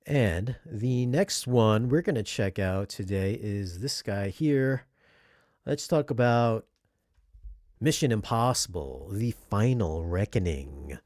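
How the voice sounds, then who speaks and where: Man, lowish voice, casual disc review, rambling, self-correcting, dry close sound. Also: animated, takes it slowly, a little mellow, no room sound. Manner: chatty, rambling, self-correcting, asks viewers questions. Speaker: home theater video reviewer.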